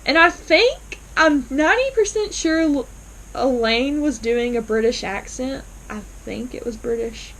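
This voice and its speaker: Woman, episode reviewer, casual recap, enthusiastic, many fillers, slightly high voice. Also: expressive, a little slow, a bit bright, slight background noise, low-quality recording.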